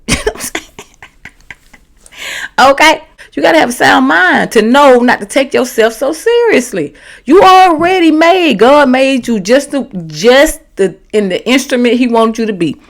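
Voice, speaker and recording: Sassy animated woman in her fifties. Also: a little high, moderate pace, vocal fry. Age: 50s. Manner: sassy, animated, slangy, acts out quoted voices. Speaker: vlogger and comedian. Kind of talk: candid motivational talk to camera.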